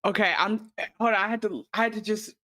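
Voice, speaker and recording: A woman's voice: mid-range voice, steady tone, pushed and bright. Playful woman co-host. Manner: playful, quick to laugh. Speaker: podcast co-host. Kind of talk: casual reaction chat.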